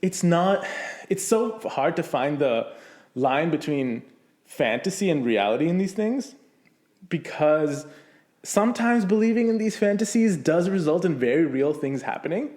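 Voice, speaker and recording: A man's voice: on the high side, expressive, a little slow, a little mellow. A man hosting a casual podcast chat, rambling with lots of fillers as he thinks aloud. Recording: roomy echo.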